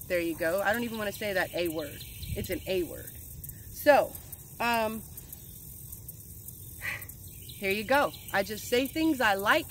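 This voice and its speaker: A woman's voice: mid-range voice, unhurried, long pauses, slight background noise. A middle-aged woman, a well-being coach, talking casually and emphatically in a motivational vlog outdoors. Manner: earnest, affirming, emphatic. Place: outdoors in nature with birds.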